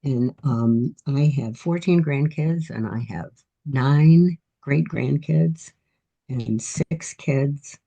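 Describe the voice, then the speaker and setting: Octogenarian woman author, husky and mellow voice, telling reflective, encouraging stories in a casual interview. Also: low voice, slow. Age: 80s. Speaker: author guest.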